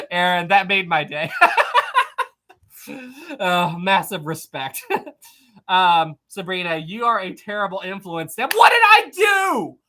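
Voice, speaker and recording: A woman's voice: fairly low pitch, animated, takes it slowly, pauses often, fairly bright tone. A woman hosting a casual live stream, talking to her chat with frequent laughter and many restarts.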